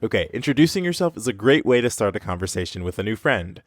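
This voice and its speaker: A man's voice: on the low side, very animated, fast, no room sound. Man explaining in a scripted language lesson. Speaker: French teacher.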